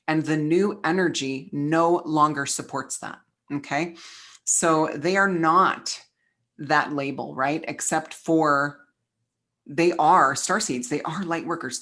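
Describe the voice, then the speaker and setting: A woman's voice: sits low, a bit bright. A middle-aged woman giving a casual spiritual parenting masterclass, frank and chatty, with lots of fillers and restarts.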